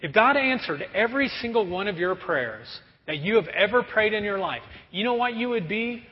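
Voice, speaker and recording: A pastor preaching a sermon to a congregation, lively and often acting out everyday scenes in quick put-on voices. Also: male voice, sits high. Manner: animated, acts out kids and parents in quick voices. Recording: muffled sound with long hall reverb.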